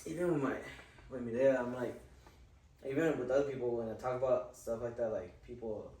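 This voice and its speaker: Podcast host, male, loose and profane delivery, halting with fillers, recorded a bit off-mic in an echoey room. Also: medium pitch, steady tone, mellow, distant mic. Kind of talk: casual conversation.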